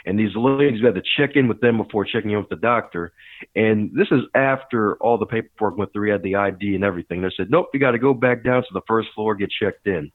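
A man telling a long personal story as a podcast guest and leadership coach, animated and quick to laugh. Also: on the low side, dry recording. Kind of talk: casual storytelling interview. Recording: tinny phone-like line, dry.

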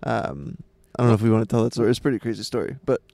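A man's voice: on the low side, racing, creaky, mellow, no room sound. A man who is a podcast guest, chatting casually and joking at his own expense. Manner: joking, self-mocking. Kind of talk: casual chat.

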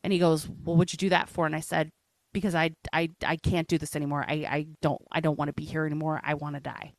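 A woman gives an interview in a candid, personal way. Her voice sits a little low, and her speech is halting and earnest, with many restarts. The sound is dry and close, with no room echo. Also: level tone. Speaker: interview guest.

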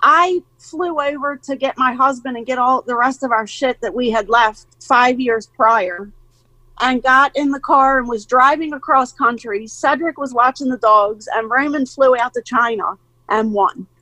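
High-pitched mom in her 40s telling stories in an interview, acts out quotes, laughs a lot, dry close sound. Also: measured pace, no room sound, rough recording. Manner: animated storyteller who acts out quotes and laughs often. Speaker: guest, mother of young skateboarders. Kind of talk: casual interview chat.

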